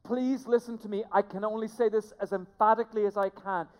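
A pastor preaching a sermon to a church, emphatic, repeating key phrases and swinging between hushed and loud delivery. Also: medium pitch, fairly even intonation, fairly quick, smooth. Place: church sanctuary. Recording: long reverb of a large hall.

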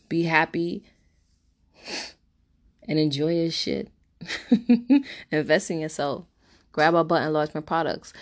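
A young woman pitching her own beauty products in a brash, chatty, slangy way, laughing often. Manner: playful, slangy. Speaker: business owner promoting her products. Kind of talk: promotional pitch.

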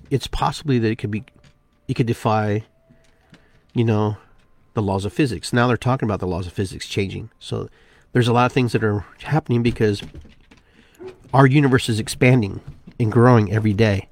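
A man hosting a spiritual podcast, talking in an unhurried, musing way and repeating phrases with shifting inflection. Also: medium pitch, darkish tone, no room sound. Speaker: podcast host. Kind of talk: reflective spiritual monologue.

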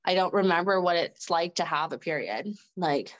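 A woman's voice: fairly low pitch, animated, normal speed, highs cut off. A woman guest on a podcast telling stories casually, laughing often and filling her speech with "like". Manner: chatty, laughs often, heavy use of "like". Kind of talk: casual conversational storytelling.

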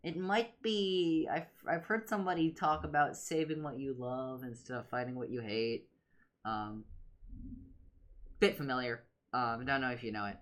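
A woman co-hosting a podcast in casual discussion, animated and jokey, slipping into quoted lines. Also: very deep voice, moderate pace. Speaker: podcast co-host.

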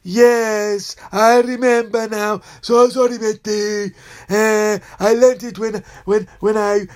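A man quiz contestant who answers hesitantly, stumbling and repeating himself in broken English. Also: high voice.

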